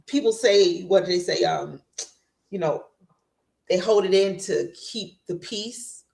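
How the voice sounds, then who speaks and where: A woman's voice: on the low side, slow, vocal fry. Emphatic woman in casual talk. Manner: animated, emphatic, repeats phrases. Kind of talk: casual conversation.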